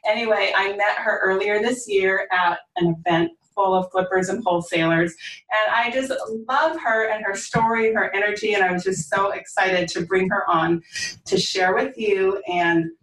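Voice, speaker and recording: A woman's voice: medium pitch, steady tone, moderate pace, a bit bright, echoey room, recorded from a distance, low-quality recording. A woman hosting a podcast, introducing her guest in an upbeat, gushing way. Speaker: podcast host.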